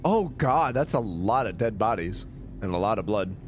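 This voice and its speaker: A man's voice: fairly low pitch, expressive, normal speed, faint music behind. A drunk man streaming a story game, rambling, swearing and chatting with his viewers. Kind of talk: casual let's-play commentary.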